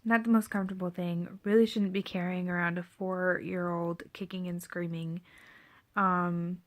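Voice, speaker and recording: A woman's voice: fairly low pitch, level tone, normal speed. A pregnant young woman telling a parenting story to camera in a candid, reflective way, often dropping to a near whisper. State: seven and a half months pregnant. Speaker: parenting vlogger.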